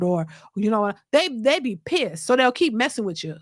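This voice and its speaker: A woman hosting a livestream, thanking viewers for super chats and giving blunt, animated opinions. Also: a little high, moderate pace, no echo, clean studio sound. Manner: blunt and animated, slipping into mocking voices. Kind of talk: casual opinion commentary.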